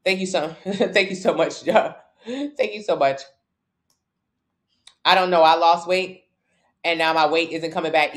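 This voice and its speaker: A woman fitness coach, answering viewers' questions on a casual livestream in a blunt, brash, jokey way. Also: lowish voice.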